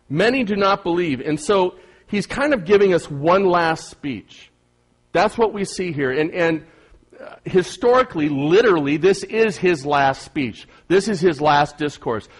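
A middle-aged man preaching a sermon as pastor, earnest and emphatic, often repeating phrases for weight. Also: on the high side.

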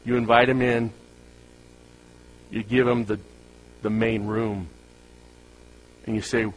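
A man's voice: fairly low pitch, level tone, slow, pauses often, slight background noise, rough recording. A man preaching a sermon to a congregation in a conversational way, with humorous asides and rhetorical questions to the crowd. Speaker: pastor.

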